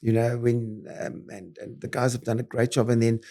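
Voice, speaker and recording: A man's voice: medium pitch, moderate pace, vocal fry. An older man with a South African accent, a property developer being interviewed, who tells his stories in short, punchy bursts full of fillers and restarts. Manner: animated, punchy storyteller with many fillers and restarts. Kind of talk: interview storytelling.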